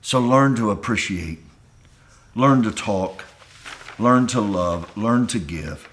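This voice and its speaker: A pastor preaching to men on a call, pleading and impassioned, dropping quiet and then rising to a near shout. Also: male voice, on the low side, lively intonation, slow pace, a little hiss or hum.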